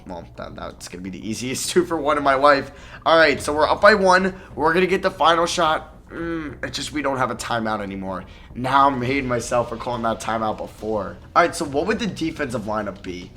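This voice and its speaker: A man giving live commentary on his own basketball video game, excitable and jumping between loud outbursts and low mutters.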